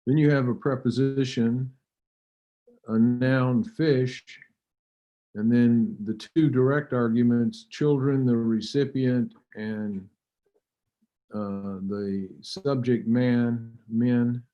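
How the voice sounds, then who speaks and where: Slow, mellow-voiced male lecturer. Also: medium pitch, steady tone. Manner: slow, measured, halting with fillers and throat clearing. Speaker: linguistics lecturer. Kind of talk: academic lecture. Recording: dull lo-fi recording.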